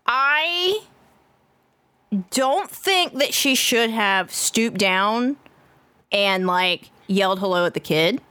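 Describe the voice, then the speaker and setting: A woman's voice: fairly high pitch, expressive, takes it slowly, long pauses, bright, forceful tone, smooth, dry recording. A woman podcast co-host giving her opinion in casual chat, blunt, repeating phrases and swearing.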